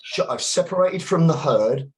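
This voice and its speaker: A man's voice: a little high, lively intonation, moderate pace, poor audio. A middle-aged man, a self-protection instructor telling blunt, profane stories as a podcast guest. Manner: blunt, profane, acts out confrontations. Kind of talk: casual interview storytelling.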